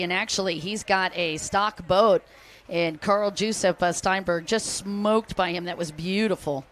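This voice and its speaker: A woman's voice: lowish voice, unhurried. A woman announcing a jet ski race live, chatty and upbeat, joking with the crowd. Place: outdoor race venue by the water.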